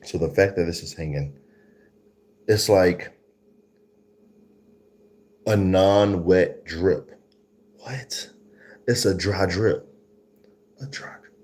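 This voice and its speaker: A man hosts a live food tasting show and reviews his own cooking. His voice sits low and unhurried, then jumps up into excited exclamations. He moves between hushed murmurs and loud bursts of praise.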